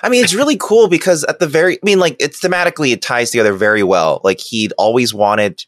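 A man's voice: mid-range voice, fast talker, a bit bright, no echo, studio quality. A man in a casual chat who laughs often and talks things through thoughtfully.

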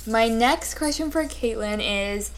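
A woman hosting a casual trivia quiz among friends, reading out her questions slowly and deliberately. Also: on the high side. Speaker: quiz host. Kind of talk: casual chat.

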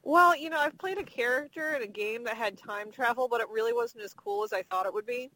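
Woman on a podcast from her car, bright sharp voice, kinda hesitant, thinking out loud. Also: a little high, a little fast, a little hiss or hum, low-quality recording. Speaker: guest, host's wife. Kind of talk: casual podcast chat. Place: in a car, driving.

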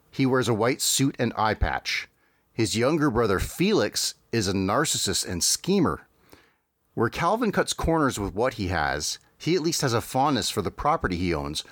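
A man's voice: lowish voice, no echo. A man hosting a podcast, recapping a cartoon episode in a dry, wry way with frequent hesitations. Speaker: podcast host.

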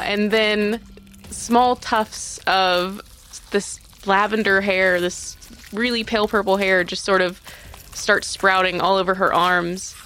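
A woman with an ordinary mid-range voice takes her turn as a player. She describes her character in vivid detail, pausing for thought now and then. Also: mid-range voice, a bit bright, a little hiss or hum.

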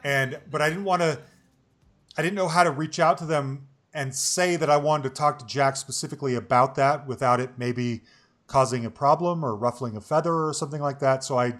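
Forties male host; chatty, rambling, mid-pitched, quick to laugh. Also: steady tone, fairly bright tone. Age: 40s. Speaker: podcast host. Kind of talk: casual chat.

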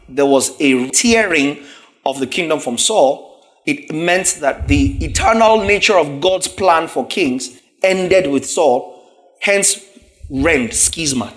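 A man preaching in a slightly higher voice than most men. He reads passages aloud and stops to unpack single words. He asks the congregation quick questions as he goes. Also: expressive. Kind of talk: sermon, teaching from scripture.

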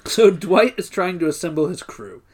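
A man co-hosting a podcast, casually recapping TV episodes in a lively way with frequent laughter. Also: high voice, moderate pace. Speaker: podcast co-host.

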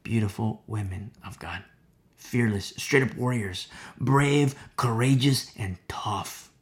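A man's voice: lowish voice, slow pace. A man preaching a conversational sermon, full of fillers and acted-out quotes, at times dropping to a whisper. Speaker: pastor.

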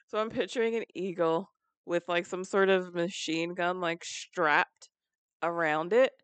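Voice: mid-range voice, fairly even intonation, measured pace, fairly bright tone, smooth, no echo. A podcast co-host in casual chat who laughs often and talks in a giggly, chatty way.

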